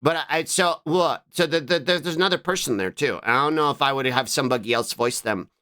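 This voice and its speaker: A man's voice: fairly high pitch, a little fast, pushed and bright, smooth. A man streaming live, chatting casually, rambling and repeating himself as he answers chat.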